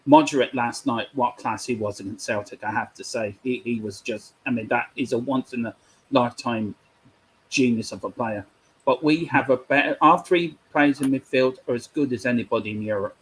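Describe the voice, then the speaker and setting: A man's voice: medium pitch, moderate pace, slight background noise, low-quality recording. A man as a guest in a casual fan chat, earnest and opinionated. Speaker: guest pundit.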